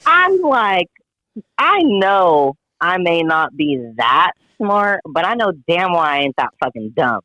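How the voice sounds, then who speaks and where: A man telling a story in a casual chat, animated and profane, acting out what everyone said. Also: high-pitched, takes it slowly, no room sound, dull audio. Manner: animated, profane, dramatic retelling with quoted voices. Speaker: guest friend telling a story.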